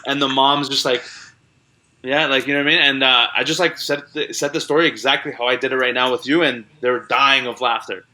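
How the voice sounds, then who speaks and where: A young man, an animated storyteller chatting over a video call and saying "like" a lot. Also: mid-range voice, fairly quick. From Canada (Toronto). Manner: animated storyteller, heavy use of "like". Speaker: comedian guest. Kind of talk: casual interview chat.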